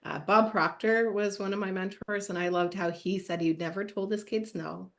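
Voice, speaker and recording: A woman's voice: mid-range voice, fairly even intonation, normal speed, a bit bright. A woman hosting an interview show, summarizing her guest's points for listeners in an upbeat way. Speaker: podcast host. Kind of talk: interview conversation.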